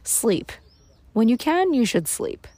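A woman's voice: on the high side, big pitch swings, slow pace, dark tone, dry recording. A tired woman hosting a solo podcast, talking candidly and self-deprecatingly, swearing and laughing often. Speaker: podcast host. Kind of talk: confessional solo podcast monologue.

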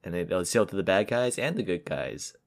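A man co-hosting a casual podcast chat, enthusiastic and quick to exclaim. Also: low voice, animated, creaky. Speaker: podcast co-host.

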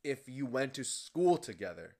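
A man's voice: medium pitch, sing-song, moderate pace, a little mellow. A man on a casual movie review podcast, animatedly retelling the plot and acting out the characters' lines. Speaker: podcast co-host.

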